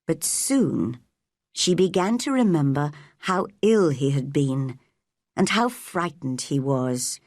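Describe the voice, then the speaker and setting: A woman narrating a simple storybook clearly and deliberately for English learners. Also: sits low, expressive, a little mellow, dry recording, clean studio sound.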